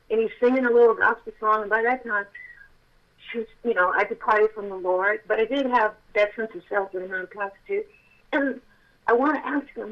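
A woman's voice: mid-range voice, moderate pace. Older woman on a tinny phone line. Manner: emphatic, rising to near-shouting exclamations. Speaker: guest. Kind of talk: animated storytelling. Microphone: telephone.

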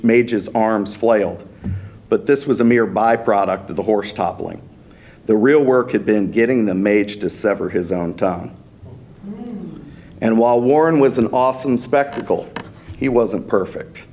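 A man, an author, reading his fantasy story aloud in a steady, unhurried narration. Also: fairly low pitch.

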